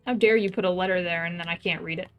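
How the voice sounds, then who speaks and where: A woman's voice: on the low side, steady tone, quick pace, a bit bright, smooth, faint music behind. Playful woman streamer reading game dialogue. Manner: playful, reads in-game lines in light character voices. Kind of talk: casual game commentary, reading dialogue aloud.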